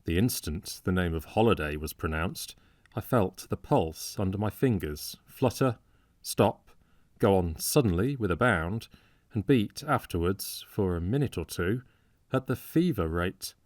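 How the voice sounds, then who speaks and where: Male narrator, low voice, measured steady storytelling, audiobook, close dry studio sound. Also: no room sound. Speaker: audiobook reader. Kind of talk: scripted narration of a classic novel.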